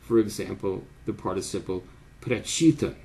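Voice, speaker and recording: Older guy reading a formal lecture, lowish gravelly voice, measured and careful. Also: animated, a little mellow. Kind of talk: academic lecture read from script.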